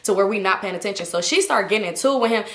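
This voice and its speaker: A woman vlogger telling a casual, animated story in slangy talk. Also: mid-range voice, rapid-fire. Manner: animated, slangy, acts out quotes. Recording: roomy echo.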